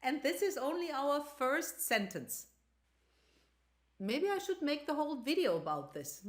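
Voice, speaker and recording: A woman teaching a language lesson, explaining carefully and repeating example sentences. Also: on the high side. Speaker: Greek teacher.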